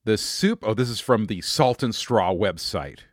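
A man's voice: on the low side, dry recording. A man co-hosting a casual podcast, joking around and stretching out words for emphasis on a studio microphone. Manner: lively, jokey, drawn-out emphasis. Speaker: podcast co-host.

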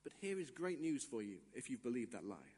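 A male pastor giving a sermon, acting out little dialogues and swinging from quiet asides to shouts. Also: mid-range voice, sing-song, fairly quick, slightly rough, big-room sound.

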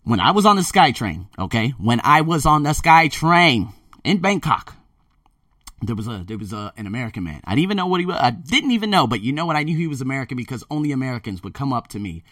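A man talking casually to his viewers, emphatic and animated, often repeating himself. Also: mid-range voice, fast, no room sound, studio quality, distant mic. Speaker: vlogger. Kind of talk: casual monologue to camera. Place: Thailand.

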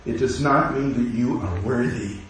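A man's voice: mid-range voice, normal speed, a little hiss or hum. A man preaching a sermon as pastor, impassioned and full of rhetorical questions. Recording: very echoey room.

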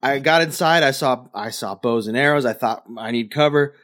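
A man playing a tabletop game who narrates his character's actions in a deadpan, rambling comic way. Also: medium pitch, moderate pace. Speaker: player.

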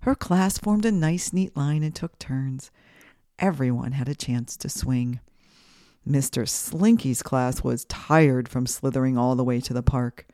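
A woman's voice: very deep voice, a little slow, dark tone, no room sound, studio quality. A woman hosting a children's podcast, reading a story aloud and guiding breathing exercises in a sing-song, guiding way.

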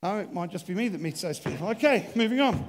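Male pastor, very high voice, chatty self-mocking sermon. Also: animated, fast talker, in a large hall, slight background noise. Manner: chatty, self-deprecating, joking with the congregation. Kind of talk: humorous sermon. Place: church stage.

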